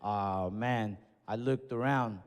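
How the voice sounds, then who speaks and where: A young stand-up comic with a lowish voice tells a profane, loose story at a slow pace, with a little hiss or hum and long hall reverb. He stays animated, slipping into other people's voices.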